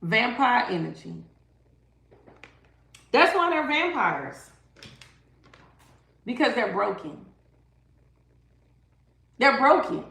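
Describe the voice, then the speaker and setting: A woman's voice: fairly high pitch, very animated, slow pace, vocal fry, long pauses, a bit bright, echoey room. A woman giving a live-stream tarot reading, talking emphatically and dramatically straight to her viewers. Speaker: tarot reader.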